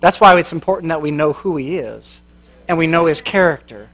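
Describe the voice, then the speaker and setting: A man with a rather high voice preaches to a church crowd. He tells his story in a loose, folksy way, cracks jokes and laughs at his own lines. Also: animated, a little fast, a bit bright. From American Midwest. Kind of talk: sermon with storytelling.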